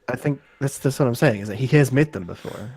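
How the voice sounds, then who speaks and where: A man co-hosting a podcast, chiming in with quick, chuckling asides. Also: medium pitch, vocal fry, a little mellow, husky. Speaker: podcast co-host. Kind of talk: casual chat.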